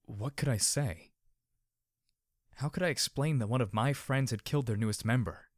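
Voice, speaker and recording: A man narrating a story in a measured, expressive manner. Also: mid-range voice, no echo, clean studio sound.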